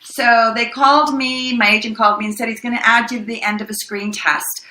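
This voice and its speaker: Older lady from texas telling stories, bright voice, laughs a lot, roomy echo. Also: a little high, fairly quick. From El Paso, Texas. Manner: lively, laughing, acts out quoted voices. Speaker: actress interviewed. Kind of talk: storytelling interview answers. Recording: echoey room.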